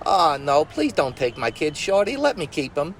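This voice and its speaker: Man putting on a pleading young maiden, pitched up, swooping voice. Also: big pitch swings, moderate pace, slight background noise. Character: weepy young miller's daughter, later queen.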